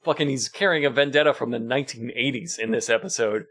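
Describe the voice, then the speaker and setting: A man's voice: mid-range voice, fast talker, fairly bright tone. A man co-hosting a podcast in casual chat, wry and amused, often breaking into laughter as he recaps a show. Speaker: podcast co-host.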